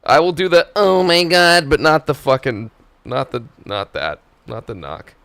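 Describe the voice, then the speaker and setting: A man's voice: medium pitch, big pitch swings, moderate pace, a bit bright, dry recording. Profane laid-back male streamer. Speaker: streamer host. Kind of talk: casual live-stream chat.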